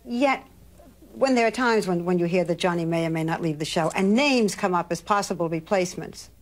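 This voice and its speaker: A woman narrating and interviewing for a television news program, with a measured, formal delivery. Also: lowish voice. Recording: narration over background music.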